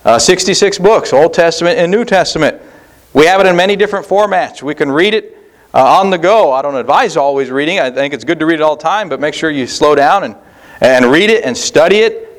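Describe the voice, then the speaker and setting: Male pastor, earnest sermon delivery, repetitive cadence, slightly raised pitch. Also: animated. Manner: earnest preaching with repetition and pauses.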